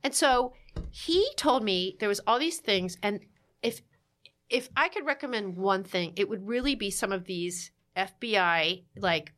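Woman, casual podcast chat, animated storyteller, quick asides, acts out quotes. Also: mid-range voice. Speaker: guest telling a marriage story.

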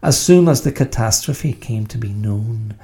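A man reciting a grim ballad in a put-on Scottish accent, slow and declaiming, in a mock-solemn dramatic poem reading. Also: lowish voice, lively intonation, mellow.

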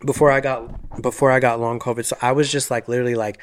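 A young man co-hosting a podcast, telling a story in casual chat, animated and acting out what people said, with some swearing. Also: mid-range voice, fast talker, a crowd in the background. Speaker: podcast co-host.

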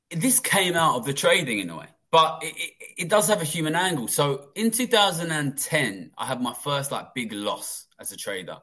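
A man's voice: medium pitch, fairly bright tone. A man in his thirties, a former trader and interview guest, telling his life story in a rambling, candid way with lots of swearing and fillers.

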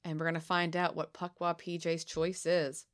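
A woman co-hosting a casual podcast, reading spooky legends aloud in a playful, giggly way with dramatic pauses. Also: lowish voice, flat delivery. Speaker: podcast co-host.

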